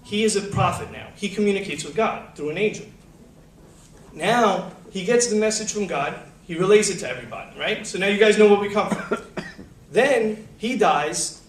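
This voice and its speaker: High-voiced man telling stories in an echoey hall. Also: normal speed. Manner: lively, slangy, acts out quotes. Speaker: panelist. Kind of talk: casual religious storytelling to an audience. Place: college lecture hall. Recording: echoey hall, distant mic, faint hum.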